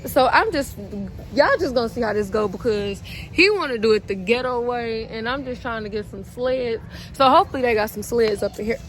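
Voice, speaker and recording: A woman's voice: a little high, a little fast, hardly any pauses. Laughing young woman vlogging. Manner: chatty, laughs often, talks to viewers. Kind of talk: casual family vlog. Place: outdoors in snow and at home. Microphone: handheld phone camera.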